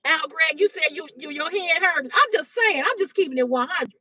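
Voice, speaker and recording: Woman in her fifties, very high voice, blunt profane live-stream rant, dry close sound. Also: fairly quick, dry recording, recorded from a distance, rough recording. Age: 50s. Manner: blunt, loud, heavy cursing. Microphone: phone or webcam on a live stream.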